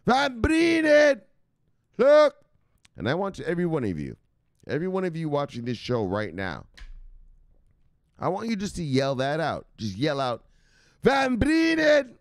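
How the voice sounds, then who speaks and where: A rambling, profane man hosts a crypto news livestream, chatting loosely and reading out viewer comments. His voice is clear and resonant, with a lively, wide-ranging pitch. The sound is dry and close. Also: moderate pace, long pauses, no room sound. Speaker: crypto news show host.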